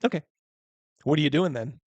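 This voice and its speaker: A man's voice: on the high side, a little fast, no echo, muffled recording. A man narrating as game master of a tabletop game, loose and chatty, laughing often.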